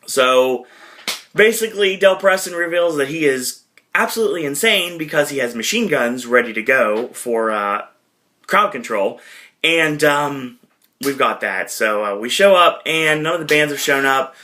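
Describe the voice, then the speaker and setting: A man hosting a podcast, casually retelling a movie in a rambling way, with lots of fillers and quick impressions. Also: a little high, expressive, bright, forceful tone. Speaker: podcast host.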